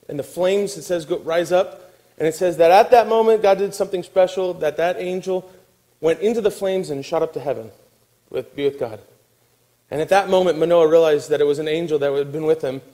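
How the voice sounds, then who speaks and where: A man preaching a sermon, telling a Bible story with lively, animated delivery and acting out the characters' voices. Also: a little high, brisk, poor audio. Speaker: pastor.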